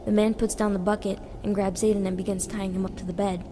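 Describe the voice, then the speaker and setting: A woman reading her own short story aloud in a plain, steady way. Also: mid-range voice, fast talker, slight background noise. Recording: reverberant with background music.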